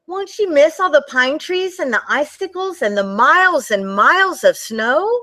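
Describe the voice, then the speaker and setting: A cheerful little boy Santa speaks up in a high, excited voice, as a woman reading a storybook puts him on. He sounds eager and full of wonder. The voice sits well above her own. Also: normal speed.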